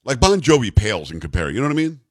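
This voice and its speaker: A man's voice: medium pitch, very animated, racing, no room sound, studio quality. A middle-aged man hosting a radio talk show, rambling and teasing his co-hosts. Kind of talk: casual talk radio banter. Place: radio studio.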